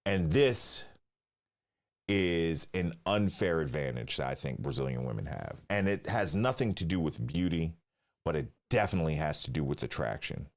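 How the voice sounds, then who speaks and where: A man hosting his channel, talking through video clips in loose, excitable commentary full of swearing and questions to the viewers. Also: rumbling low, normal speed. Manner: excitable, profane, keeps asking viewers to remember. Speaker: channel host reacting to clips.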